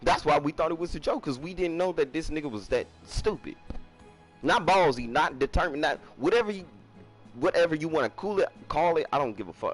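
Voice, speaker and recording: A young man, telling a casual storytime in an emphatic, profane way. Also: medium pitch. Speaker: storyteller streamer.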